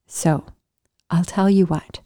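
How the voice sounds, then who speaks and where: A woman quoting her male high school teacher, frank and bargaining, in her own mellow voice. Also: fairly even intonation, slow pace, dry recording, clean studio sound.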